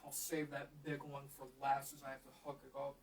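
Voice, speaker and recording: A man who plays the flute, explaining his instruments to a live audience at a community library in an unhurried way with frequent fillers. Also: medium pitch, monotone, a little hiss or hum. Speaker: flute player. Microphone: camera mic in the room.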